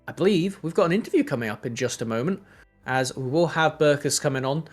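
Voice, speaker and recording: A man commentating an esports match, breaking down plays in an analytical, lively way and leading a post-game interview. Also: a little high. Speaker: esports caster.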